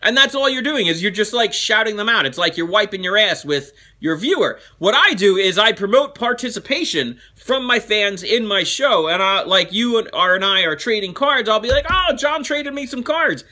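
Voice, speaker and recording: A man with a high, very bright voice reads viewer fan mail out loud. His pitch swings widely as he chats, jokes and laughs his way through it, with the easy manner of a regular show host. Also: normal speed, few pauses. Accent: New Jersey. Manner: animated, laughing, chatty with asides. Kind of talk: casual fan mail reading.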